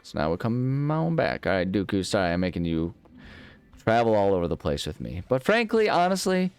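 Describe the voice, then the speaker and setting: A man's voice: low voice, animated, fairly quick, darkish tone, clear, resonant tone, dry recording, soft background music. A man hosting a gaming channel, talking casually over gameplay in a rambling, self-mocking way and humming nonsense syllables now and then.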